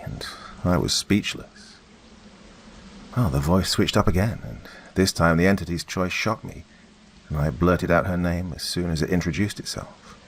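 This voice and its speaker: A man with a very deep voice reads a first-person horror story aloud. He keeps a steady, grave delivery. A faint hiss sits under the recording. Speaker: narrator. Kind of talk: scripted horror narration.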